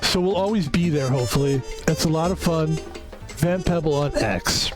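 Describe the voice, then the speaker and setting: Streaming from home, a man with a slightly high voice talks at a normal speed through a rambling, casual sign-off. He is chatty and promotes himself, with background music playing behind him.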